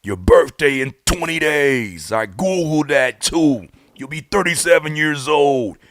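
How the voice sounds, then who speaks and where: A man's voice: a little high, expressive, unhurried, fairly bright tone, no room sound, voice pushed up. A man doing a blunt, scolding podcaster impression.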